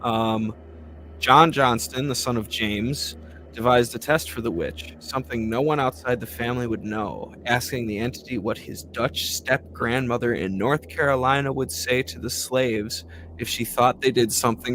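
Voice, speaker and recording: A man's voice: mid-range voice, moderate pace, fairly bright tone, a little hiss or hum. A man hosting a podcast, reading a ghost story aloud and breaking off into profane, laughing asides.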